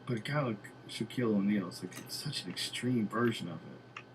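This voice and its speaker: A man's voice: lowish voice, brisk, noisy background. A man hosting a podcast, chatting casually with blunt, profane banter. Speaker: podcast host.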